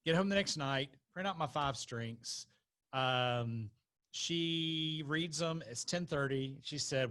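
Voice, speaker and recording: A man from North Carolina, a podcast guest, telling his story in an animated way and laughing as he talks. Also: a little high, slow pace. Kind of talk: conversational storytelling.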